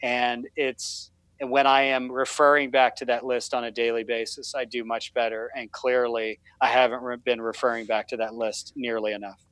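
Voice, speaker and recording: A man's voice: medium pitch, level tone, normal speed, fairly bright tone, clean tone, dry recording, rough recording. A man talking on a podcast, telling a fatherhood story in a rambling, self-deprecating way with many restarts. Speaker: podcast guest, fatherhood writer. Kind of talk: casual podcast conversation.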